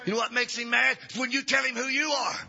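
A male preacher delivering a revival sermon, chanting upward and dropping to a hush. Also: very high voice, fairly even intonation, fast, gravelly. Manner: chanting rises and sudden drops to a hush. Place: church sanctuary. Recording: dull lo-fi church recording.

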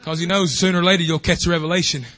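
A man preaching a fervent revival sermon in a church, swinging between shouting and hushed tones. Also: high-pitched, fairly even intonation, very fast. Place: church sanctuary.

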